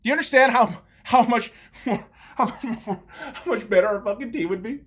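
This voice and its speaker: A woman's voice: fairly high pitch, a little fast, husky. A woman podcast host, in her thirties, on a heated and profane sports rant full of sarcastic jabs.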